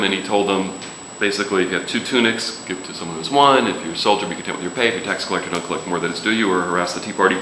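A man's voice: low-pitched, very fast, hardly any pauses, sharp tone, a little hiss or hum. A man preaching a sermon in a casual, joking way, with sudden emphatic rises. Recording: echoey room with faint ambience.

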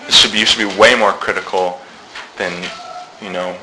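A man's voice: on the low side, fairly even intonation, normal speed, bright, forceful tone, slight background noise, low-quality recording. A man talking casually in a church discussion group, chatty, acting out quoted remarks and laughing often.

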